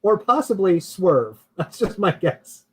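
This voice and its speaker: A man's voice: high voice, very animated, measured pace, breathy edge, poor audio. A man co-hosting a casual chat show who laughs often and hedges his opinions as he rambles along. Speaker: podcast co-host.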